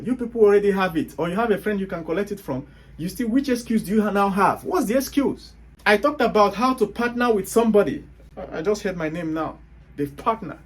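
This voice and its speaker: A man's voice: high voice, darkish tone. A Nigerian man with a Nigerian accent, hosting a motivational monologue and hammering his points home with rhetorical questions. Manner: emphatic, hectoring, rhetorical questions. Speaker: host.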